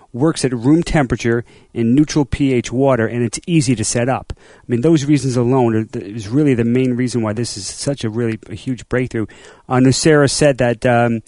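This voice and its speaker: A man co-hosting a casual podcast, his mid-pitched voice eager and rambling. He often restarts his sentences as he works through a point. The recording is dry and close. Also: a little mellow, no room sound. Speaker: podcast co-host. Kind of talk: casual chat.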